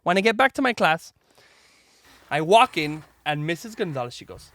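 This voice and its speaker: The host's slightly high voice moves at a moderate pace over a dry recording as he tells his daughter a story on his podcast. He's chatty and lively, saying "like" and "right?" a lot and imitating the people involved.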